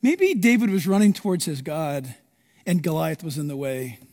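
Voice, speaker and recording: Animated pastor preaching in a hall. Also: male voice, a little high, normal speed. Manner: animated, dramatic storytelling with acted-out quotes. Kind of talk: sermon.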